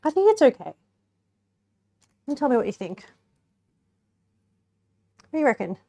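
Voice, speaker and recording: A woman's voice: high-pitched, sing-song, normal speed, creaky, mellow. A young woman streamer chatting casually to her viewers while cooking and tasting a pie, giggling now and then. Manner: chatty, giggly, talks to chat while eating.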